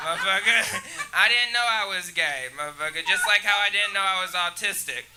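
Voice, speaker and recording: A man's voice: sits high, lively intonation, brisk, hardly any pauses. A man doing a crude live stand-up set in a comedy club, often laughing at his own jokes. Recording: live club with audible crowd noise.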